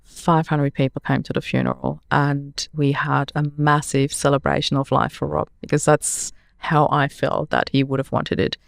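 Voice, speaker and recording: A woman's voice: low voice, little pitch movement, moderate pace, creaky, hardly any pauses, dry recording, clean studio sound. A woman in her forties, a podcast guest earnestly recounting a personal story with many "you know"s.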